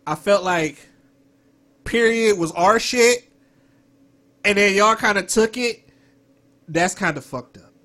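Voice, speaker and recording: A man, co-hosting a casual, crude comedic chat, animated and laughing a lot. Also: high voice, slow pace, long pauses.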